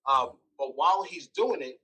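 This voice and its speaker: A man as an interview guest telling a personal story, animated, acting out quoted lines. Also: medium pitch, normal speed, recorded from a distance, a little hiss or hum, low-quality recording.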